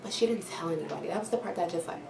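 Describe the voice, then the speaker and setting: A woman vlogger races through a storytime tale packed with slang and sound effects, her lowish voice creaky. The home recording is noisy, roomy and distant.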